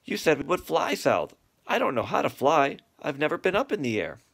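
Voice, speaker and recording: A man voicing a group of curious young swan cygnets in a storybook reading, chanting their questions in a high sing-song. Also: big pitch swings, a little fast, gravelly, a bit bright, slightly rough, heavily acted. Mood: earnest. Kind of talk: storybook read-aloud.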